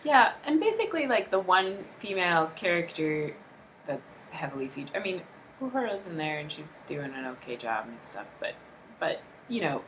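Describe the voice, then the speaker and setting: A woman with a low-set voice that swings widely as she talks, co-hosting a casual review. She sounds exasperated and animated, slipping into mock quotes. Faint noise hums underneath. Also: moderate pace. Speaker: podcast co-host.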